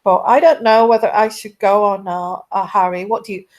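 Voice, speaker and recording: A woman's voice: mid-range voice, fairly even intonation, normal speed, a little mellow, natural voice. A woman voicing a young American wife with an attempted American accent, wavering and evasive, then defiant. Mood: dithering.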